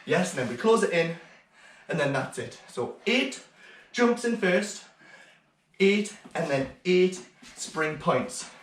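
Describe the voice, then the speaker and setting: A man's voice: fairly high pitch, expressive, takes it slowly, pauses often, reverberant, far from the mic. Man teaching a children's ballet class. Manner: encouraging, counting beats aloud. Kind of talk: online children's dance class.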